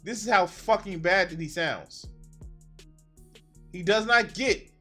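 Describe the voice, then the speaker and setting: Male streamer, bright high voice, slow mocking reaction commentary, laughs a lot. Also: soft background music. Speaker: streamer reacting to a debate clip.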